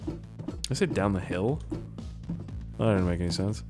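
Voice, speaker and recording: A young Canadian gaming YouTuber does let's play commentary, rambling, joking, and swearing to himself while he plays. His lowish voice moves at a moderate pace with long pauses, and music plays in the background.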